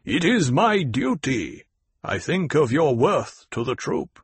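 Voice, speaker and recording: Stern desert leader, lecturing, blunt, read by a man with a husky voice, dry sound. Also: mid-range voice, very animated, slow pace, no echo, exaggerated voice. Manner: blunt, commanding, instructive. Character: stern older male desert troop leader.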